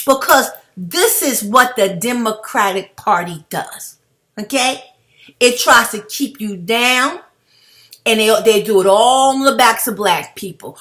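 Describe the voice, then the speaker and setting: A woman's voice: a little high, moderate pace, a bit bright. A woman delivering a heated, blunt, profane commentary rant straight to her viewers, calling them family. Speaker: video blogger.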